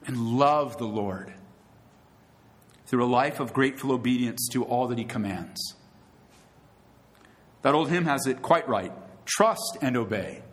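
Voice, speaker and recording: In a mid-range voice, a man preaches as pastor, earnest and emphatic, putting rhetorical questions to his congregation.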